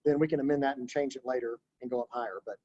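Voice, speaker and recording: A man coaching real estate agents in a relaxed, conversational webinar talk over a video call. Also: mid-range voice, very fast, muffled recording. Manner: casual, conversational, practical coaching.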